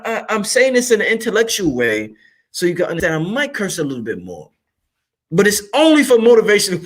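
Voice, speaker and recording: A man with a fairly high voice hosts his own channel in a loose, animated monologue. He speaks emphatically and drops curse words freely for emphasis. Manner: freewheeling, emphatic and profane. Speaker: channel host. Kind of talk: casual monologue to camera.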